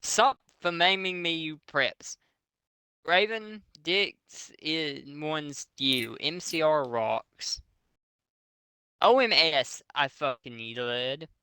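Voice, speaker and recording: Bright, crisp-voiced man reading mockingly. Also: on the high side, lively intonation, dry recording. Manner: mocking, swearing, slow deliberate reading. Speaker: reader of a fanfic. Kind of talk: comedic dramatic reading with friends.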